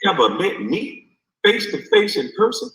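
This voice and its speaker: A man delivering a heated, profane rant in a streamed clip, forceful and animated. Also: sits high, normal speed, vocal fry. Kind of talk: heated ranting monologue. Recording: roomy echo.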